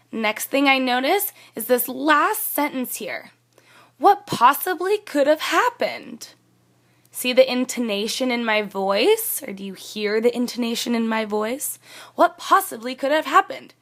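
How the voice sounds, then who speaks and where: A woman's voice: fairly high pitch, a bit bright. A young woman teacher reading a student's story aloud and patiently explaining her editing marks in a classroom demonstration. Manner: reads a student's text aloud, then comments plainly and patiently.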